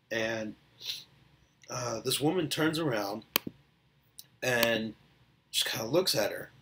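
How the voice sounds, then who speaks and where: A man's voice: medium pitch, noisy background. A middle-aged man, chatting casually on his own and telling a story, rambling with many fillers and restarts. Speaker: vlogger. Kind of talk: casual solo chat.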